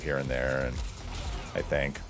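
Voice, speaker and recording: A man's voice: a bass voice, monotone, a little slow, music in the background. A man playing a game with a friend, chatting in a rambling, wry, self-mocking way. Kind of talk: casual gaming chat.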